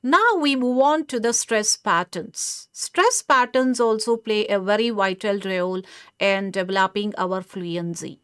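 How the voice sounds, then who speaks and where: A woman delivers a scripted pronunciation lecture in a measured, explanatory way. Her voice is smooth and crisp, recorded close with a dry sound and no room echo. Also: mid-range voice, fairly bright tone.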